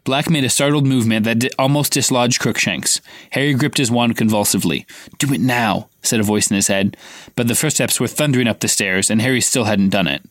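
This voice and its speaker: Male podcast co-host, casual read-aloud with light character acting, middle pitch, dry close sound. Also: a little fast, dry recording. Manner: reads dialogue with light acting, stops to quiz his co-host.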